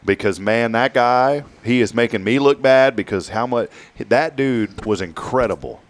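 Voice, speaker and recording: A man's voice: medium pitch, normal speed. A man hosting a morning talk show, chatting casually and jokingly, drawing out key words.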